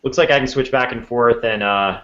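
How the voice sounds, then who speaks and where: A man's voice: medium pitch, brisk, bright, forceful tone. Man on a dull-sounding laptop video call. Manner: easily amazed, restarts a lot while fiddling with his setup. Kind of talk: casual video call chat.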